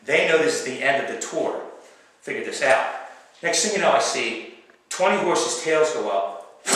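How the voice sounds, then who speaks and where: A man telling a funny true story as stand-up comedy, animated and acting out his own shouts and other voices. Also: fairly high pitch, slight background noise. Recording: echoey room from far off.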